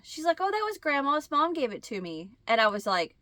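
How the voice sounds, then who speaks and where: A woman with a Midwestern American accent, hosting a crochet channel and telling a rambling story in casual chat, acting out bits of dialogue in a higher voice. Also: lively intonation, brisk, hardly any pauses, pushed and bright, no echo, clean studio sound.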